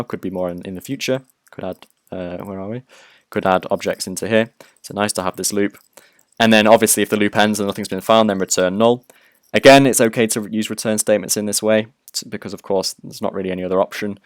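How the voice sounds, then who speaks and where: A man's voice: low-pitched, no echo, clean studio sound. A man teaching programming in a recorded lecture, explaining step by step in a chatty way with many fillers and restarts.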